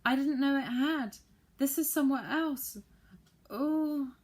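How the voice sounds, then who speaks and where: A woman voicing a peculiar old saucepan man from a storybook who is hard of hearing and talks in a shrill, squealing voice. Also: animated, a little slow, a bit bright. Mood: shrieking. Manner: shrill, squealing, mishears words. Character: odd old saucepan man, half deaf, fretful.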